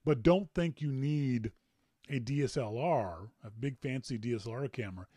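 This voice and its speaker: A man hosting a tech podcast in casual chat, animated and rambling, with jokes and repeated words. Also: medium pitch, moderate pace, breathy edge, no room sound. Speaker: podcast host.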